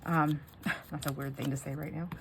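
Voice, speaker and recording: An older woman who makes crafting vlogs chats casually with her viewers while working, her voice fairly low and a bit bright. Her delivery is flat and moderately paced; she rambles, gets sidetracked, and is emotional at heart, with a light hiss underneath.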